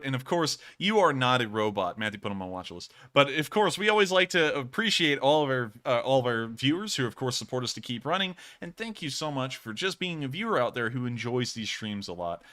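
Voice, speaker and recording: A bright, forceful male voice carries this livestream host. He talks casually and earnestly in long, rambling runs and keeps thanking his viewers. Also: medium pitch. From United States.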